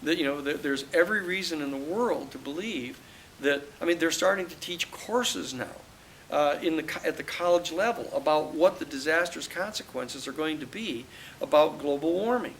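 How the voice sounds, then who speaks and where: A man in his sixties, a lawyer and author telling stories at a book talk, animated, acting out the dialogue he quotes. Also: fairly high pitch, moderate pace, slight background noise, poor audio. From United States. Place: live audience talk at a campus venue.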